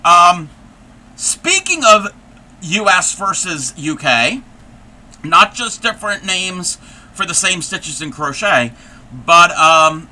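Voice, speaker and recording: A man's voice: fairly high pitch, bright, forceful tone. A man hosting a casual crochet livestream, rambling and chatty, laughing often as he talks. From United States. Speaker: livestream host.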